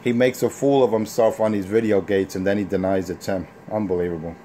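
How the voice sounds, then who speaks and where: A man's voice: on the low side, steady tone, brisk, warm tone, a little hiss or hum. A man ranting on a casual morning show, boasting about his radio equipment and trash-talking a rival. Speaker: CB radio operator ranting on air.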